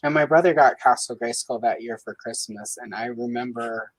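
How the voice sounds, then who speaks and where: A woman hosting a coloring livestream in casual chat, talking with many fillers and lively swings in pitch. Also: moderate pace, few pauses, no echo, rough recording. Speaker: livestream host.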